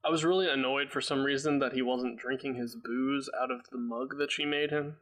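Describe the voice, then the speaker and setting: A man's voice: medium pitch, steady tone, fairly quick, a bit bright. A young man chatting casually on a podcast, wry and laughing between comments. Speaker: podcast co-host. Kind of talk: casual chat.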